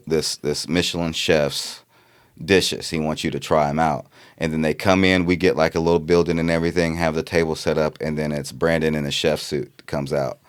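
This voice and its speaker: A man co-hosting a comedy podcast, laid-back, pitching ideas and giving frequent agreeing murmurs. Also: smooth. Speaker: podcast co-host. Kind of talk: casual comedy podcast chat.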